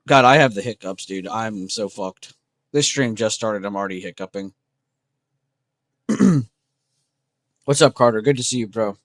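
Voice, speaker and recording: A man's voice: medium pitch, a little fast, dry recording. A young man hosting a trading livestream, chatting casually and slangily with his viewers. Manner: relaxed, slangy, talks to chat with "bro" and "dude".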